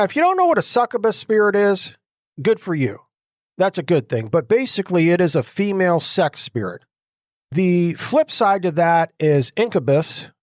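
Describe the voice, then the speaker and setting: Middle-aged man, personal testimony, casual slang, very animated pitch, dry close recording. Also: no echo. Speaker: exorcist sharing his testimony.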